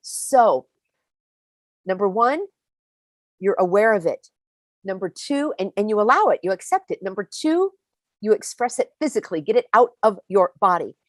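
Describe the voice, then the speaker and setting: A woman's voice: medium pitch, moderate pace, pauses often, no echo. Woman host, live-stream pep talk, emphatic, dry close sound. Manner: animated, emphatic, speaks straight to viewers.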